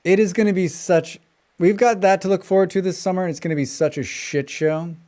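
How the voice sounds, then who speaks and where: A man with a flat General American accent, a game streamer chatting casually while he plays, rambling from point to point and humming little tunes to himself between remarks. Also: sits high, fairly quick. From western United States. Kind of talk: casual chat while gaming and reading chat.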